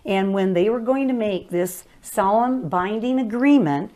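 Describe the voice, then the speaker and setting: A woman's voice: medium pitch, expressive, a little slow, warm tone. An older woman co-teaching a marriage course, explaining in an earnest way.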